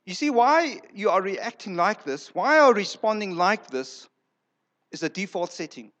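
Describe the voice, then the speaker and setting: Male pastor preaching in church, high-ish voice, leans on repeats, acts out little quotes. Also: sing-song, normal speed, a bit bright, highs cut off. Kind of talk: sermon.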